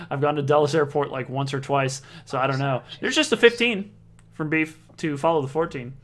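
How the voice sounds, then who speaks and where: A man's voice: medium pitch, little pitch movement, moderate pace. A man giving casual play-by-play commentary on a darts league, chatty, reading out scores and viewer comments.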